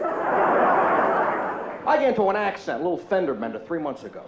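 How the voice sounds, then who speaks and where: A man doing a brash, loud stand-up comedy routine in a comedy club. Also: a little high, sing-song, moderate pace, long pauses, heavy background noise. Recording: echoey club, lo-fi tape, loud crowd.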